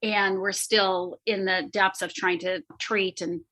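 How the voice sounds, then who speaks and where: Bright, quick-speaking woman guest. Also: medium pitch, steady tone, poor audio. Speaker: guest, coach and former psychotherapist. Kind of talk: podcast interview answers.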